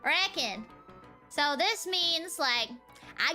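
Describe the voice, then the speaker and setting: A woman's voice: sits high, expressive, unhurried, bright, forceful tone, soft background music. A young woman from the Southern United States, a streamer chatting casually with viewers, giggling and rambling with lots of fillers and restarts. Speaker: VTuber streamer. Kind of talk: casual chat answering viewers.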